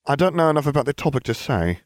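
A man voicing a blunt, skeptical middle-aged father who asks gruff questions. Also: a little high, very animated, fast, no echo, pitched above the performer's own voice.

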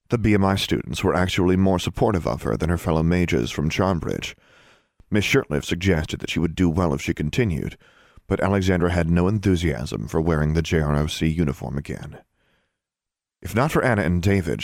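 Male audiobook narrator, low voice, dry close sound, measured storytelling. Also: creaky, dry recording. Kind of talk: scripted narration.

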